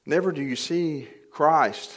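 Speaking slowly in a slightly high voice, an older man preaches in a church sanctuary, keeping things plainly conversational with some light humor and rising to emphatic peaks on key points.

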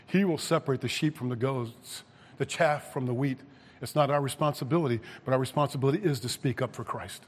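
Husky-voiced preacher in a reverberant hall. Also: male voice, medium pitch. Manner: preaching, rising to emphatic peaks on scripture. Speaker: pastor. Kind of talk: sermon.

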